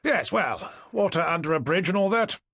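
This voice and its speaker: Guy putting on a loud pompous police boss, high and booming, all over the place, a bit husky. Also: lively intonation, moderate pace, no room sound, studio quality, exaggerated voice. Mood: flustered, fawning. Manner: booming, jovial and ingratiating. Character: blustering male police superintendent, booming.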